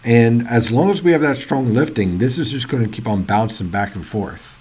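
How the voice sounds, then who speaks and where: A man runs casual live weather coverage, chatty and excitable as he reads out reports and thinks aloud. His voice sits at an ordinary middle pitch with a husky, slightly rough edge. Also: normal speed. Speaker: weather livestream host.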